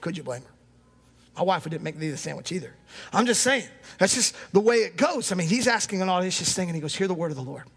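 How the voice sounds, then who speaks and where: A man in his thirties delivers a passionate sermon, his voice sitting unusually high. He rises to shouts at times and slips into the voices of the people in his stories. The sound carries the long reverb of a big hall. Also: expressive, fast, slightly rough. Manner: impassioned preaching, acts out quoted voices. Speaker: pastor.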